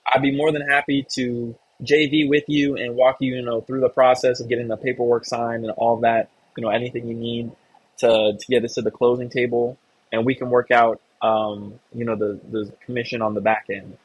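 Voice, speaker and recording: A man's voice: mid-range voice, little pitch movement, moderate pace, breathy edge, no echo, poor audio. A man hosting a live online real estate meeting, coaching a member and encouraging the audience. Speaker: host of a real estate investor community call.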